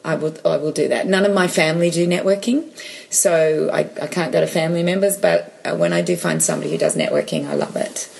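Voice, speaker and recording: Woman with a gravelly low voice. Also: expressive, fast, a little mellow. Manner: chatty storyteller with restarts and quoted dialogue. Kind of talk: casual chat, personal story.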